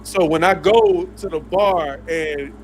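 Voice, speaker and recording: A man's voice: on the high side, slow, a little hiss or hum. A man appearing as a podcast guest, telling casual stories in a laid-back, slangy, rambling way. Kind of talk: casual storytelling.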